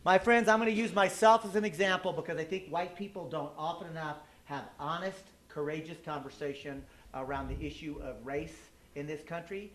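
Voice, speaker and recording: A man's voice: fairly high pitch, steady tone, a little fast, hardly any pauses, fairly bright tone. An American man giving an impassioned public speech at a community event, emphatic and full of rhetorical questions. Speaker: political speaker. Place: community meeting hall. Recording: echoey room recording.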